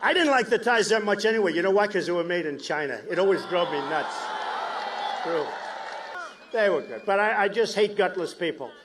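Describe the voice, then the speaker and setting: Boastful man shouting a rally speech. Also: high-pitched, lively intonation, brisk, background noise. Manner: boastful, rambling, shouted asides to the crowd. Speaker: political candidate. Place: large outdoor stadium rally.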